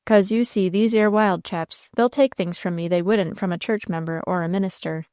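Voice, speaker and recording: A gruff, kindly old sea captain, put on by a woman reading a storybook, drawling in a homespun country dialect. His voice sits at a middling pitch and sounds close and dry. He speaks in a low, confidential way. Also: fairly even intonation, a little mellow, dry recording, lightly acted. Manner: folksy rural dialect, drawn-out and confidential.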